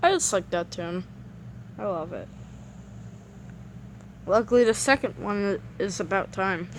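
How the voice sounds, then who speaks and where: An excitable woman chats her way through a game at an unhurried, drawn-out pace. She rambles, trips over her words and repeats herself when things go wrong, then drifts back to easy chatter. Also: medium pitch, a little hiss or hum. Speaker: gameplay commentator. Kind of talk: casual gameplay commentary.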